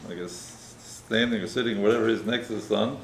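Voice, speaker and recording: A rabbi delivers a sermon woven with storytelling, keeping it conversational and often closing his points with a tag question. His voice is on the low side and brisk, heard in a roomy, echoey space with faint noise.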